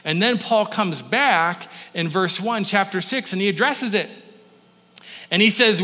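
A man preaching a conversational sermon as a pastor, teaching in a relaxed way and often restarting his sentences. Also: sits high, measured pace. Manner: casual teaching tone with frequent restarts. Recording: long hall reverb.

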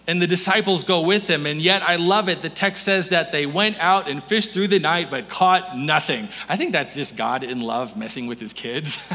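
Bright-voiced man preaching in a hall. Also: fairly high pitch, moderate pace. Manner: playful storyteller, chuckles between points. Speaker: pastor. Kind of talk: sermon. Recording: long hall reverb.

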